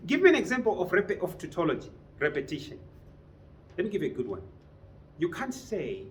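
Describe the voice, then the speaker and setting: A man's voice: sits high, wildly swooping pitch, a little fast, background noise. A man teaching a business writing class, lecturing and often putting questions to his students. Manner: quizzes the class with frequent questions. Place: training room with a class.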